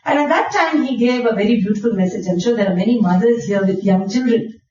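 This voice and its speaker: A middle-aged woman, giving a personal testimony talk and telling stories with soft laughs and many fillers. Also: on the high side, fast. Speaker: guest speaker. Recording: echoey hall, distant dull mic.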